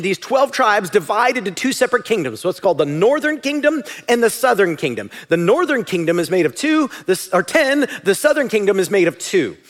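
Guy pastor preaching, high voice, bouncy and animated, gets shouty. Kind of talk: sermon.

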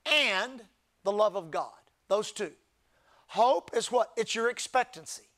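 A man with a very high voice preaches to his church, moving between quiet talk and loud shouting. He calls out for the crowd to repeat words after him. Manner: preaching, often rising to shouts with crowd call-and-response. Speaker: pastor. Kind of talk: sermon. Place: church service.

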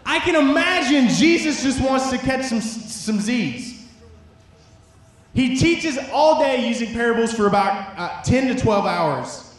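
A man's voice: very high-pitched, a little slow. A young man preaching a casual youth sermon, telling a story with jokes and lots of "like". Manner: animated storytelling, jokey asides, lots of "like". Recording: very echoey room.

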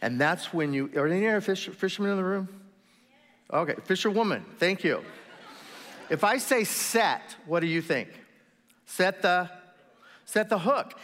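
A man preaching a sermon, telling stories with animation and slipping into acted-out voices, jumping from loud bursts to soft asides. His voice sits a little high for a man. The sound carries a long reverb, like a large church hall. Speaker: pastor.

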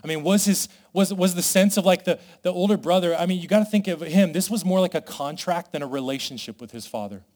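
A man preaching a sermon, animated and conversational, acting out the characters' complaints as he retells a parable. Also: high-pitched, quick pace, hardly any pauses. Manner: animated, voices the brothers' complaints dramatically. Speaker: pastor.

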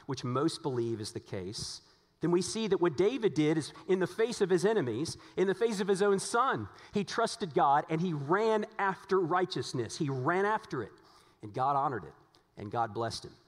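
A man's voice: fairly high pitch, very animated, normal speed. Earnest preaching man in a reverberant hall. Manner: earnest preaching with rhetorical questions and repetition. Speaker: pastor. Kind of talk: sermon.

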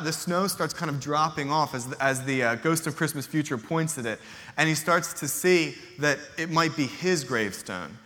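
A man's voice: a little high, bright, forceful tone, big-room sound. A male pastor preaching a casual, conversational sermon, retelling a story and acting out its characters' lines. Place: church hall.

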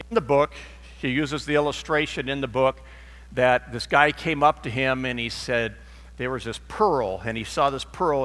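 In a church sanctuary, a middle-aged pastor delivers a sermon in a bright, forceful, mid-range voice. He tells stories and acts out their dialogue in quotes, while a long reverb from the large hall trails behind him.

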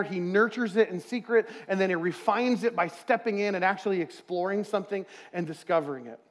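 A male pastor delivers a sermon in a conversational, earnest way. His voice sits notably high for a man, and he slips into quoted asides as he talks.

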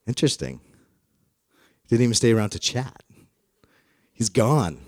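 A man's voice: medium pitch, big pitch swings, a little slow, a little mellow, no echo, clean studio sound. A man preaching a sermon in a playful, joking storytelling way, acting out the quotes he reads. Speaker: pastor.

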